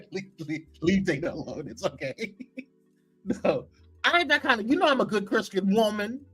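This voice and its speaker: A man's voice: high-pitched, normal speed, breathy edge, faint music behind. A man hosting a live morning talk show, chatting casually and teasingly as he reads viewer comments and dishes gossip. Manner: animated, playful, teasing, chatty with frequent laughs.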